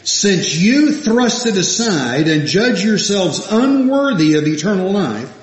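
A man preaches at a slow, deliberate pace, with a voice that sits somewhat high for a man. He reads scripture aloud and puts questions to his listeners, swinging between emphatic peaks and soft asides. The sound is roomy and echoey. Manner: animated, rising to emphatic peaks then dropping to soft asides. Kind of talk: sermon. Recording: echoey room.

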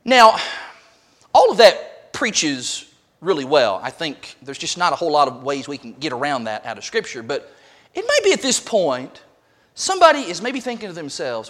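A man's voice: fairly high pitch, sing-song, normal speed, fairly bright tone. A man preaching a sermon as pastor, emphatic and full of rhetorical questions.

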